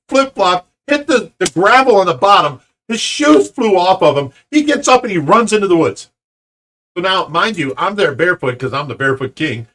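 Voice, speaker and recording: A man's voice: high voice, a bit bright. A middle-aged man from Ohio hosting a fish rescue channel, rambling through a story and acting out both sides of an argument. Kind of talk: casual storytelling to viewers.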